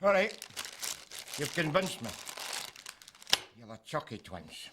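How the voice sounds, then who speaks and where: A man's voice: fairly high pitch, big pitch swings, slow pace, background noise. A sarcastic Glasgow man. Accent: Glaswegian. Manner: sarcastic, mocking. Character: sarcastic scruffy Glasgow man, middle-aged, mocking. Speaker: lodger in a politician's home. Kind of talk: sitcom acting.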